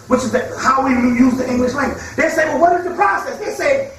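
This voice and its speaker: A man in a rambling spoken lecture with a fairly high voice, heard from a distance. He talks emphatically and profanely, slipping into mocking asides. The room is strongly echoey, with a faint hum behind him. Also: expressive, fairly quick, few pauses, fairly bright tone. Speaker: spiritual lecturer. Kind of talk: freewheeling lecture. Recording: echoey hall, far from mic.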